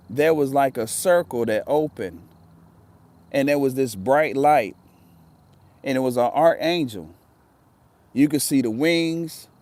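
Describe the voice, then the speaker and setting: A man's voice: medium pitch, darkish tone. A man telling a personal story in a casual, earnest way, often repeating himself for emphasis.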